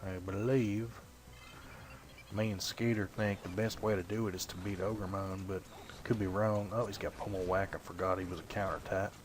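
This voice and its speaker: A young man casually commenting while playing a video game, rambling and self-deprecating, swearing now and then and often clearing his throat. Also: low-pitched, little pitch movement, moderate pace, noisy background. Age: young adult. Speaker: let's play host.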